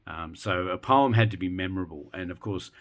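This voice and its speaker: Low-voiced man giving a casual lesson. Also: brisk. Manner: loose and unscripted, frequent ums and restarts. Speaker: teacher.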